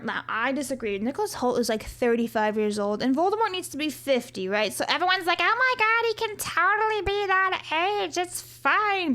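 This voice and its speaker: Chatty, opinionated high-voiced woman. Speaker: vlogger. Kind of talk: casual opinion vlog.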